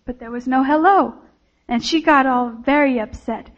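A woman gives a children's sermon in a gentle storytelling voice, speaking straight to the kids. Her voice is high. The recording sounds slightly dull and lo-fi. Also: moderate pace.

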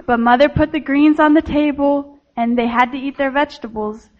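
A woman leading a children's sermon, telling a story gently to the children and closing with a prayer. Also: sits high, steady tone, normal speed, lo-fi sound.

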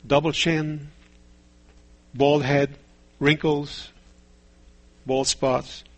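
A man delivers a sermon in a steady, measured way, often pausing to ask rhetorical questions and tell stories. His voice sits a little high and has a husky edge. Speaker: preacher.

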